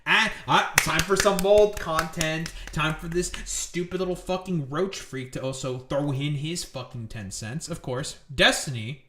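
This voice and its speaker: A male streamer rants about politics, angry and sarcastic and full of profanity. His voice sits somewhat high for a man. It rings in an echoey room. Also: bright, forceful tone. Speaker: streamer host. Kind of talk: political commentary rant.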